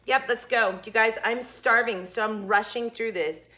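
Middle-aged woman rambling thru a food review vlog, crisp bright voice, a bit high, jokey asides. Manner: chatty and jokey, quick asides, trails into whispers. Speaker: vlogger hosting a food review. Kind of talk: casual chat to camera.

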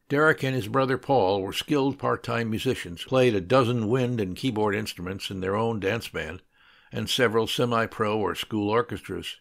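A man narrating an audiobook with steady, scripted storytelling. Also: on the low side, normal speed, vocal fry.

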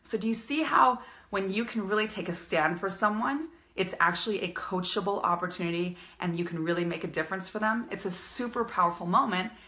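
A woman's voice: mid-range voice, a little fast, hardly any pauses, sharp tone. A woman business coach giving an upbeat, emphatic live-streamed coaching talk, repeating her key phrases.

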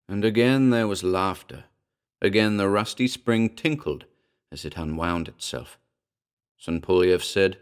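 A man narrating a scripted horror story in a measured, dramatic way. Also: on the low side, clear, resonant tone.

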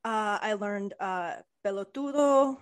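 A woman author as a podcast guest, talking casually and pausing often with ums and uhs. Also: medium pitch. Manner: relaxed, hesitant with many ums and uhs. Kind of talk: casual interview chat.

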